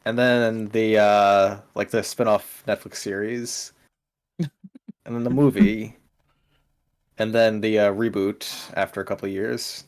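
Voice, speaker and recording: A man who chats casually on a stream, joking in a rambling, deadpan way. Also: on the low side, unhurried. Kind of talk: casual gaming chat.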